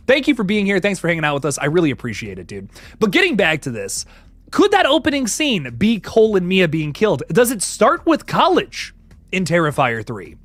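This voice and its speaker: Male streamer host, casual and chatty, bright high voice that swings a lot, dry sound. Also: dry recording. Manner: chatty, laughs often, greets chat viewers. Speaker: livestream host. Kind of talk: casual horror movie livestream chat.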